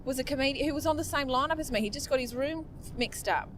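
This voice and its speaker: A woman and comedian, telling a story in casual chat with wry, deadpan jokes. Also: sits high, fast talker, a little hiss or hum. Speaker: comedian guest. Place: inside a car on a road trip.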